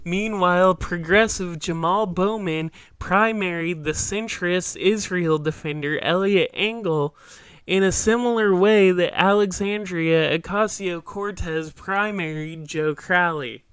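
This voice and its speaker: A man's voice: sits high, a little slow, a bit bright, clear, resonant tone, no echo. A man hosting a solo political commentary segment, casual and sardonic, with filler words as he explains. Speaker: host.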